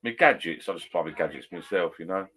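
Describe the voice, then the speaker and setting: A man's voice: deep voice, quick pace, bright, forceful tone. A middle-aged man, chatting casually on a live stream from his garden bar shed and reading out viewer comments in a rambling, blokey way.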